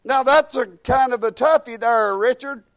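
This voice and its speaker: A man preaching a sermon in a folksy, fervent way, dropping from loud proclaiming to quiet musing. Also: extremely high pitch, moderate pace. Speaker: pastor.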